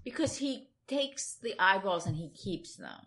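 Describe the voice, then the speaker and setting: A woman's voice: medium pitch, big pitch swings, measured pace, fairly bright tone. A woman co-hosting a casual podcast chat about comics, thoughtful and rambling with hedging fillers. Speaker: podcast co-host. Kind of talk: casual comic book discussion.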